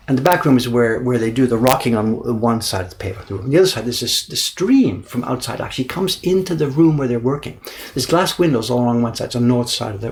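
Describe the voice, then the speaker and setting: A middle-aged man casually telling an animated story on a livestream, repeating words for emphasis and acting out the people he quotes. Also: mid-range voice. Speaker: printmaker and livestream host. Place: indoor workshop.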